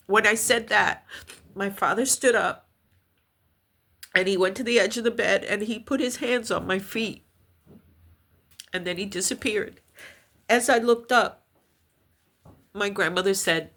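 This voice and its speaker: A middle-aged woman vlogger telling a personal story slowly and with heartfelt intensity. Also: mid-range voice, fairly bright tone. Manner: slow, heartfelt, intense retelling.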